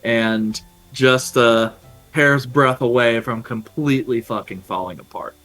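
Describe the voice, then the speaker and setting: A man narrating a tabletop game as game master, in an unhurried way full of small fillers. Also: mid-range voice, a bit bright, faint music behind, rough recording.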